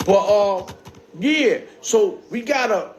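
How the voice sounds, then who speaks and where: A man's voice: sits high, lively intonation, slow pace. A man talking casually on a livestream in streetwise slang, often tagging on "you heard?". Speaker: livestream host. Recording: phone screen-recorded livestream.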